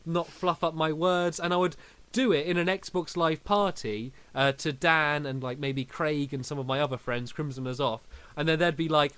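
A young man hosts a casual podcast chat, his voice sitting a bit high for a man. He tells animated stories and breaks into laughter often. The sound is dry and close, with no room around it. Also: normal speed, clean tone, no room sound. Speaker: podcast host.

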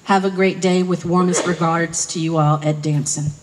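A woman's voice: fairly low pitch, fairly even intonation, normal speed, a little hiss or hum. A woman reading a congratulatory letter aloud at a public ceremony, with a self-deprecating aside. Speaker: ceremony speaker reading messages. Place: outdoor park ceremony.

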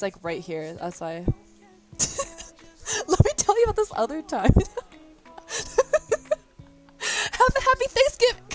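Young woman streamer, giggly, rambling anecdotes, faint music bed. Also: mid-range voice. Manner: laughs often, lots of fillers and restarts. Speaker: livestreamer. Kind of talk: casual chat storytelling.

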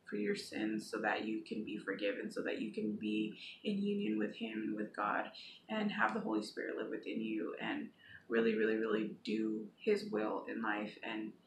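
A Christian vlogger with a rumbling low, gravelly voice gives her viewers an earnest, pleading devotional talk, reading scripture aloud now and then. It's informal and spoken, recorded in an echoey room with faint background noise.

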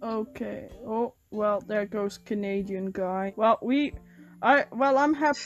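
A woman streamer chatting and laughing during a game, swearing and letting out loud exclamations. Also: medium pitch, fairly even intonation, unhurried, lo-fi sound, soft background music. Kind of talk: gaming stream chat.

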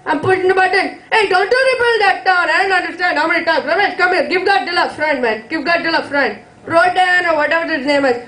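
A man's voice: very high voice, fast, few pauses, pushed and bright, echoey room, rough recording. A man voicing a gleeful, taunting man who pushes a button to cause destruction. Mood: gloating.

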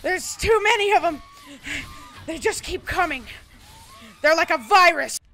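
Very high-voiced woman gaming, swearing. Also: animated, unhurried. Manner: melodramatic mock-heroic monologues, swearing and yelling. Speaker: gamer. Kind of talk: gameplay commentary.

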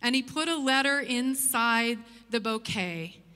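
A woman telling a story in a church sermon, lively and humorous as she tells it. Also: on the high side, measured pace, long reverb tail. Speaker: church speaker. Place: church auditorium.

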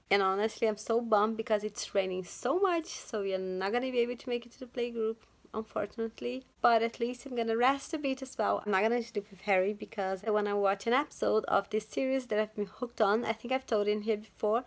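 A young woman at home chatting in a casual daily vlog, excitable and talking straight to her viewers. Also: on the high side, quick pace, gravelly. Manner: chatty and excitable, often says "you guys" to viewers. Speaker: vlogger, stay-at-home mom.

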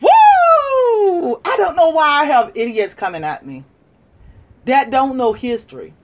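A woman hosting a livestream, lecturing and challenging viewers in a combative way, moving from shouting to quiet muttering. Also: on the high side, very animated, moderate pace. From United States. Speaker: livestream host. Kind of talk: live-stream rant to viewers.

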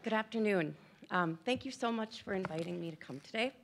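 Gravelly-voiced woman in her fifties, candid. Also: mid-range voice, fairly quick, over a noisy crowd, heavy background noise. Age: 50s. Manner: candid, self-deprecating, emotional. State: tearful. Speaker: speaker at an event. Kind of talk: personal remarks at a podium.

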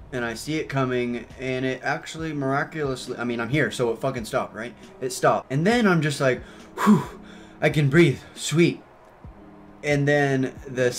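A young man chatting casually over gameplay, telling a story full of swearing and fillers, and getting loud and worked up at the game. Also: mid-range voice, a little hiss or hum. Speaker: gaming YouTuber.

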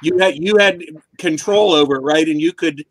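A man calmly explaining things in a casual online chat. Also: fairly high pitch, normal speed, no echo. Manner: calm, explanatory.

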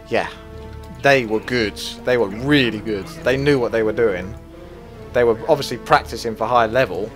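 A man commentating his own strategy game as he plays it, swearing freely and flaring into loud rage before calming down again. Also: mid-range voice. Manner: swears a lot, flares into loud rage then calms. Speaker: gaming commentator. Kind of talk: gameplay commentary.

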